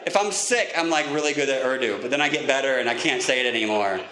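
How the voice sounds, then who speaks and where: A man telling self-mocking stories in a stand-up comedy set, chatty with quick asides. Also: medium pitch, bright, forceful tone, echoey room. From United States.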